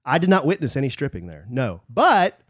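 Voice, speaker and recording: A man co-hosting a casual chat podcast, telling animated stories about a trip. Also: medium pitch, brisk, no echo, clean studio sound. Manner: storytelling, animated when recounting. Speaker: podcast co-host.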